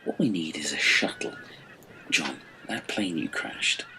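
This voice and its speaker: A man's voice: sits low, huge pitch swings, measured pace, background noise, heavily acted. A man voicing a drawling, emphatic castaway who is hatching plans. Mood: scheming.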